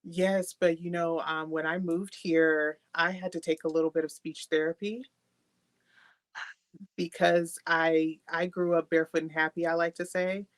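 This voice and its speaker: A woman from Texas with a softened Texan accent hosting a podcast interview, chatty and laughing often as she tells stories. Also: on the low side, little pitch movement, unhurried. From Texas, USA. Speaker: podcast host. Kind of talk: casual interview chat.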